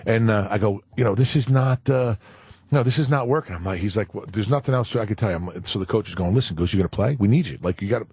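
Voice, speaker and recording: A middle-aged former football player, a guest on a talk show, telling a crude comic story in an animated, profane way and acting out the other people in it. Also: male voice, on the low side, quick pace, slightly rough, no room sound.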